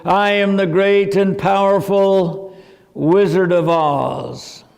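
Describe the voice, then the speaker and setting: A man's voice: steady tone, slow pace, vocal fry, a little mellow, in a large hall, exaggerated voice. A man reading the lines of a blustering fraud wizard. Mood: sheepish. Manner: booming then stammering.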